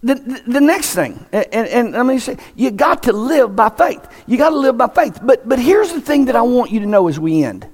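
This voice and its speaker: A man, preaching a sermon as pastor in an emphatic style that climbs to near-shouts. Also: extremely high pitch, sing-song, moderate pace, few pauses. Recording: echoey hall.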